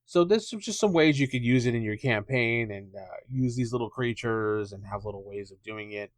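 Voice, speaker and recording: A man hosting a casual tabletop gaming podcast, rambling and thinking out loud with lots of fillers. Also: medium pitch, lively intonation, moderate pace, no room sound. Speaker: podcast host.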